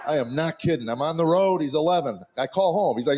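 A man's voice: a little high, animated, fast, a little mellow. Storytelling stand-up comedian man. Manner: storytelling, acts out family voices. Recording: clip played with audible background noise.

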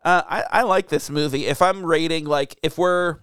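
A man's voice: fairly high pitch, moderate pace, a bit bright, smooth, dry recording, studio quality. A man co-hosting a casual movie review podcast, rambling with lots of fillers and laughs. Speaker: podcast co-host.

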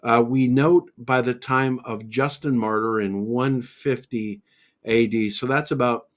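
A man's voice: mid-range voice, steady tone, a little slow. A man teaching on a Bible podcast, methodical and conversational, laying out points one by one with scripture references.

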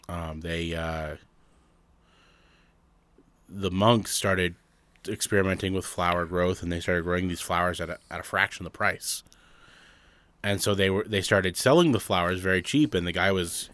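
A man's voice: low-pitched, a bit bright, no room sound. A man telling long shaggy-dog pun stories in casual chat, rambling and restarting often. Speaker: joke teller.

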